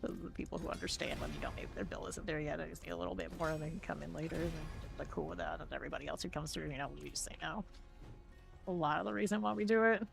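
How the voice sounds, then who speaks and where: A woman's voice: low voice, big pitch swings, very fast, creaky, soft background music. A woman streamer chatting casually and thinking aloud while she sorts loot during gameplay commentary.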